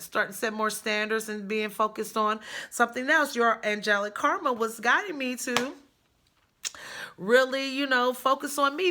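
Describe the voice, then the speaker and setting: A woman telling a personal story in a chatty, animated way, jumping high with excitement in places.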